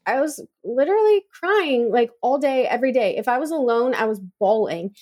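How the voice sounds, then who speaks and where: Chatty middle-aged woman, slightly high voice. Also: expressive, moderate pace, darkish tone. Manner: chatty, emotional, lots of fillers. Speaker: podcast co-host. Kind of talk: casual chat.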